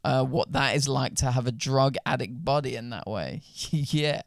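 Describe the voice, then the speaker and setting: A man's voice: medium pitch, normal speed, creaky, no room sound, studio quality. A young man, hosting a podcast, reading out a story and bantering with crude slang. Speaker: podcast host. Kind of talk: casual chat, reading stories aloud.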